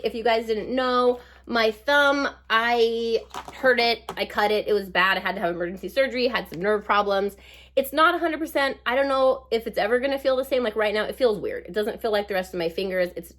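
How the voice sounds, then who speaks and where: A woman in her forties chatting through a life update while putting on her makeup, bubbly and rambling with lots of asides. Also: medium pitch. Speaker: beauty vlogger.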